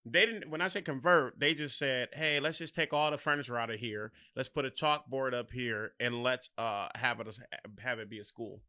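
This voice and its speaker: A young man telling stories in casual chat, animated and often laughing as he acts out the people in them. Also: mid-range voice, moderate pace, hardly any pauses, no echo, studio quality.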